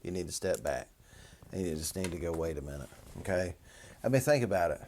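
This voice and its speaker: A man's voice: low-pitched, lively intonation, a little fast, darkish tone, slight background noise. A man, a minister hosting a show, commenting on a news article in a wry, chatty, sardonic way.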